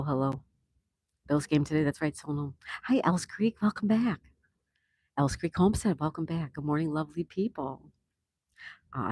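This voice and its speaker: A woman's voice: low-pitched, a little mellow, breathy edge, no echo. A woman hosting a livestream, chatting casually and greeting viewers by name as she reads their comments aloud. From Florida. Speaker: livestream host.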